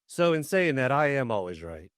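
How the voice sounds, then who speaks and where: A man's voice: mid-range voice, sing-song, normal speed, clear, resonant tone, no echo, clean studio sound. A man co-hosting a podcast who plays a mock therapist in casual comedic chat. He is playful and often repeats himself. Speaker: podcast co-host.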